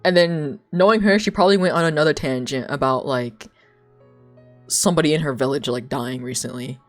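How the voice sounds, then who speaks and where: A woman's voice: low-pitched, a little fast, faint music behind. A young woman streamer chatting casually and rambling through stories, laughing often and leaning heavily on filler words. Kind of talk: casual chat on a live stream.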